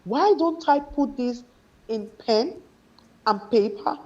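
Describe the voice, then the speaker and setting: A woman's voice: fairly high pitch, animated, slow. A woman from Nigeria, an author guest, telling a story from her childhood in an interview. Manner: reflective, quotes her father warmly in a raised voice. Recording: dull lo-fi sound.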